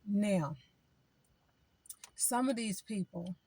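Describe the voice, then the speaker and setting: A woman's voice: medium pitch, drawn-out words, warm tone, slightly rough. A woman giving spiritual advice in an informal, preaching way, talking in a chatty style that repeats phrases and acts out what other people say.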